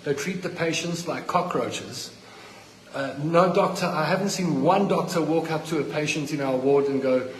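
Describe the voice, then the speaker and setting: An indignant man rants bluntly into a handheld phone, his voice sitting a little high. He is recorded inside a hospital ward where the sound rings and lingers in a long, hollow reverb, and faint noise stays underneath. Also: normal speed. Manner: indignant, blunt, repeating himself when worked up. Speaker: hospital patient. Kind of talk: angry phone-video rant. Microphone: phone held by the speaker.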